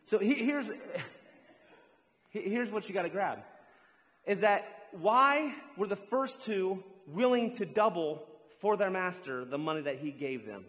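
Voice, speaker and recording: Energetic high-voiced preacher in a hall. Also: male voice, measured pace. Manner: energetic, hypes up the crowd. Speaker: pastor. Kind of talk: sermon with audience participation. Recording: long hall reverb.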